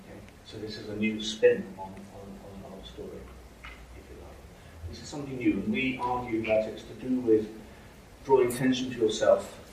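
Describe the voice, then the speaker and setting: A man's voice: lowish voice, steady tone, normal speed, darkish tone. A man giving a university lecture, explaining with frequent checks like "okay?" and "right?". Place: lecture hall. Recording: echoey hall from far off, faint noise.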